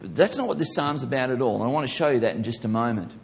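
A man preaching a sermon, building to loud emphatic peaks and repeating his key questions. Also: medium pitch, lively intonation, fast talker, vocal fry. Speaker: pastor.

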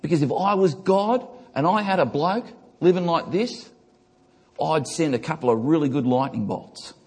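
A man's voice: on the high side, moderate pace, a little mellow, slightly rough. A man preaching a sermon as pastor, with emphatic rises and drops, reading scripture and commenting on it in a church. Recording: long reverb of a large hall.

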